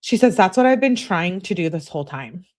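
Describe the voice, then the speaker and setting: A woman's voice: fairly low pitch, expressive, brisk, darkish tone. A woman commentating on a true crime case, reading out text messages and reacting bluntly with sarcasm and swearing.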